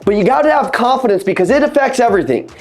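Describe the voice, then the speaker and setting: High-pitched, fired-up male sales trainer. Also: rapid-fire. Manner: animated, emphatic, repeats key phrases; casual, addresses audience as "guys" and "bro". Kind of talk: energetic sales training talk on a video call.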